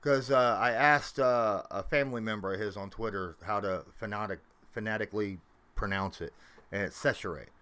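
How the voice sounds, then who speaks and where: A man hosting a casual livestream from his home, rambling with lots of fillers and swinging up and down in pitch and loudness. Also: normal speed, clear, resonant tone. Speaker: livestream host.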